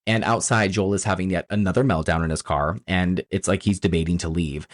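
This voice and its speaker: A man co-hosting a podcast, casually recapping a horror film's plot with excited, profane asides. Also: low-pitched, brisk. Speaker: podcast co-host. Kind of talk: casual movie recap chat.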